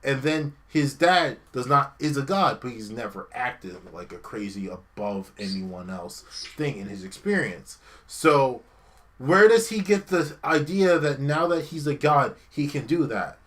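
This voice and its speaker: A man rants on a casual podcast, sarcastic and quick to swear. His bright, forceful voice swings widely up and down as he picks things apart, with medium pitch throughout. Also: very animated. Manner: ranting, profane, sarcastic critique. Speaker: podcast co-host. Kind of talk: casual chat.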